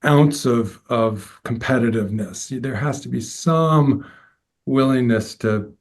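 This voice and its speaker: A man who is a law professor, discussing in a podcast conversation and often repeating words as he works out his thoughts. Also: mid-range voice. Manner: halting, repeats words as he thinks.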